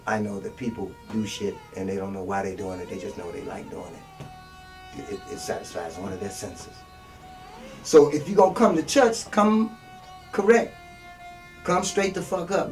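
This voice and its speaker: A man's voice: a little high, a little mellow. A man preaching a blunt, profane street sermon as a self-styled minister, older and talking from long experience. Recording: distant mic with faint music.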